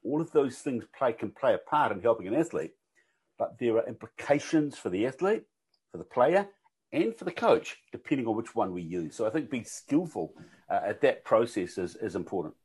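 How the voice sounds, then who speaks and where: Older kiwi guy, husky voice, chatty and a bit sweary, lots of restarts. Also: mid-range voice, sing-song, moderate pace, a little mellow. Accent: New Zealand. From New Zealand. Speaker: guest coaching expert. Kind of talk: casual conversation and storytelling.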